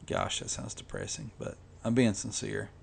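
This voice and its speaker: A man's voice: on the low side, huge pitch swings, normal speed, vocal fry, a little hiss or hum. A man who makes comics, talking casually and rambling while he colors, with lots of "you know" and restarts. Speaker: comic artist vlogger.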